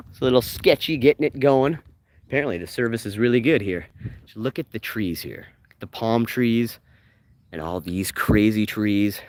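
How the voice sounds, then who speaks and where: A man from Canada streams live while he strolls down a residential street outdoors. He jokes and talks straight to his viewers, loose and excitable, now and then bursting into higher, louder exclamations. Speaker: vlogger giving a filming-location walking tour. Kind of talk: casual live-stream walking tour.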